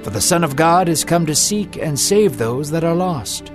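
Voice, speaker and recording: A man's voice: on the high side, animated, moderate pace, music in the background, lightly acted. Jesus, a commanding man calling out voiced by a narrator. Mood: gentle.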